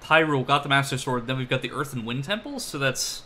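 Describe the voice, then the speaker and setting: A man's voice: medium pitch, animated, quick pace, pushed and bright, a little hiss or hum. Rambling, laughing male game streamer. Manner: rambling, self-deprecating, laughs often. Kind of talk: casual let's-play commentary. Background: game music.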